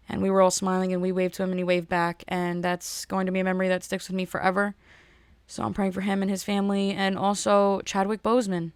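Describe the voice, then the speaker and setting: Woman podcast host, rambling casual solo chat from a home setup, smooth voice, dry close sound. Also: mid-range voice, no echo. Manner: rambling, heartfelt, with many restarts.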